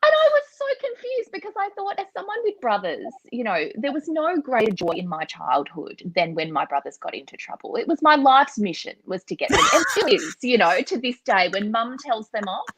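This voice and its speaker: A woman, a guest author telling a family story in animated conversation over a video call, laughing often as she talks. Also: on the high side, brisk, few pauses, a little hiss or hum, poor audio.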